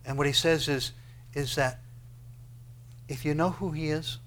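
A man preaches with a slightly high-pitched voice, firing rhetorical questions at his congregation. He drops to near-whispers, then climbs to loud, pleading peaks. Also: fairly even intonation, measured pace, slight background noise. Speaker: pastor. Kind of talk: sermon.

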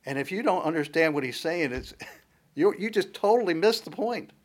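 A middle-aged man delivers a sermon from the pulpit. His voice sits a little higher than most men's, and he builds each point with repeated rhetorical questions in a steady preaching cadence. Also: normal speed. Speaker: pastor.

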